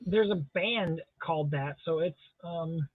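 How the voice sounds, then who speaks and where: A man co-hosting a live drawing stream in casual chat, joking playfully with deadpan exaggeration. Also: fairly high pitch, measured pace, no room sound, faint music behind. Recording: tinny phone-like sound.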